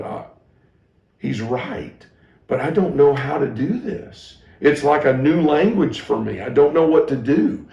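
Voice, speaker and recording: A man's voice: mid-range voice, creaky, dark tone. A middle-aged man, a pastor, telling a candid and self-deprecating story from his own training as part of a teaching talk for ministry staff, often restarting his sentences. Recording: echoey room.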